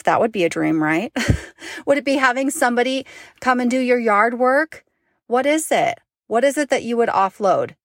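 Woman in her thirties, from Utah, chatty vlog monologue, mid-pitched voice, dry close recording. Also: no echo. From Utah, United States. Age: 30s. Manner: chatty, emotional, asks the viewer questions. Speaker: mom vlogger and online business owner.

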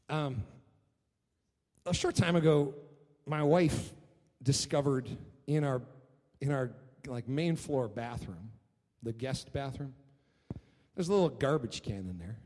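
A man preaching a sermon as pastor, telling stories in an animated way and often repeating his words. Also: medium pitch. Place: church hall. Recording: long reverb of a church hall.

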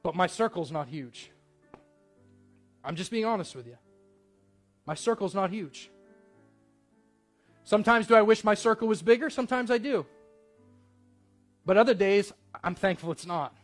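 High-voiced man preaching a sermon. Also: expressive, normal speed, pauses often, faint music behind. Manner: storytelling, conversational and earnest. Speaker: pastor.

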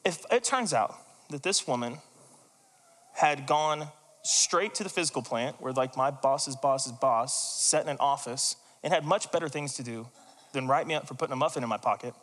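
A man's voice: medium pitch, moderate pace, long reverb tail. A man preaching a sermon, telling personal stories in a chatty way and acting out the voices of the people in them. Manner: animated, conversational, acts out quoted voices. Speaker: pastor.

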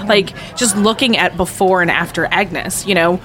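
A woman's voice: fairly low pitch, moderate pace, fairly bright tone, a little hiss or hum. A woman co-hosting a casual podcast chat, speaking in an earnest, reflective way. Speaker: podcast co-host.

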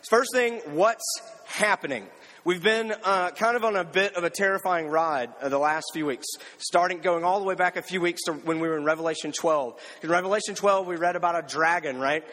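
A man preaching a sermon and reading scripture aloud. He talks conversationally, often asks "right?" and slows down on key words. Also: sits high, fairly bright tone. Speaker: pastor. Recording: long hall reverb.

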